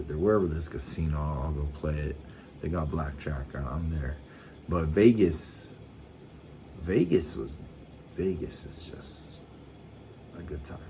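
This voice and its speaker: A middle-aged man with a very low voice, talking in a laid-back, rambling way. He swears casually and trips over his own words as he restarts sentences. Faint ambient noise sits behind him. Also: a little mellow. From United States. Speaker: vlogger. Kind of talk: casual chat.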